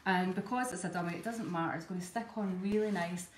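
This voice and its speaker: A woman's voice: lowish voice, fast talker. Scottish woman, chatty step-by-step tutorial, echoey room, faint background hum. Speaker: cake decorator demonstrating. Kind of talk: live tutorial demonstration.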